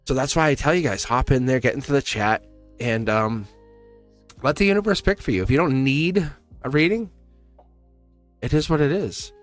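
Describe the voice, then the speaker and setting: A man's voice: medium pitch, normal speed, long pauses. Male tarot livestream host, middle-aged, loose and encouraging, faint background music. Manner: rambling, encouraging, laughs often; talks straight to chat viewers. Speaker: tarot reader streaming live. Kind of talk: casual livestream chat.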